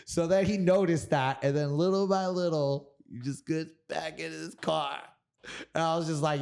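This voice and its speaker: A man in his thirties from Miami, a guest telling stories in a casual interview, animated and profane. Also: fairly high pitch, normal speed, clear, resonant tone. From Miami, Florida. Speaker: guest kickboxer.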